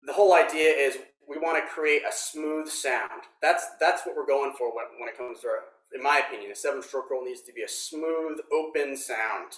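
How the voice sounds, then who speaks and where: A man teaching snare drum technique in a workshop, explaining step by step in a relaxed way with frequent ums. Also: mid-range voice, normal speed, few pauses, recorded from a distance. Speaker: drum instructor. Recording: roomy echo.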